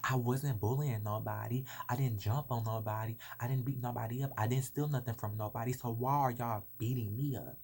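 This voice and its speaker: A man's voice: mid-range voice, fairly quick, few pauses, husky. Earnest young man telling his story. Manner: earnest, animated, emotional retelling. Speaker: vlogger. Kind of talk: confessional storytelling. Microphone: phone.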